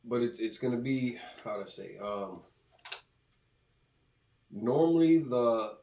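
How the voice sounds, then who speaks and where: A man's voice: medium pitch, expressive, vocal fry, dark tone. Guy explaining stuff in class, lots of uh and restarts, kinda far from the mic, roomy echo. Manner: halting, many restarts and fillers. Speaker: student teaching in a class. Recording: roomy, from a distance.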